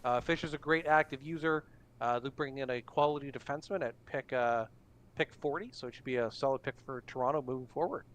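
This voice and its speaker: A man's voice: mid-range voice, fast, a bit bright. A man hosting a casual online hockey draft stream, announcing picks with frequent fillers. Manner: easygoing, filler-heavy announcing. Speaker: draft broadcast host. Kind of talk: casual live draft commentary.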